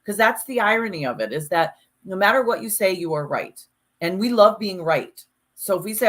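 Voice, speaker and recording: A woman co-hosting a podcast in casual chat, talking in an animated, emphatic way and swearing freely. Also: mid-range voice, normal speed. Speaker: podcast co-host.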